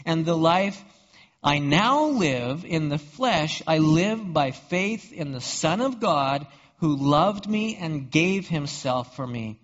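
A man's voice: fairly high pitch, animated, takes it slowly, a bit bright. A man preaching a sermon as pastor, asking rhetorical questions and often repeating words as he goes. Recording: dull reverberant hall recording.

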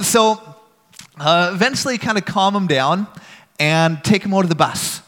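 A man's voice: medium pitch, fairly bright tone, long reverb tail. A man earnestly telling a personal story to a church audience in a conversational way.

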